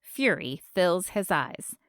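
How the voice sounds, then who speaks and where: Woman reading a romance novel aloud, lively pitch, dry close sound. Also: slow pace, dry recording. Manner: expressive first-person storytelling. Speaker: audiobook narrator. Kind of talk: scripted audiobook narration.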